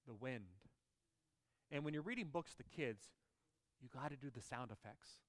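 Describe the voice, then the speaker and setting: A man's voice: mid-range voice, lively intonation, moderate pace, big-room sound. A man preaching a sermon as pastor, emphatic and putting questions to the congregation.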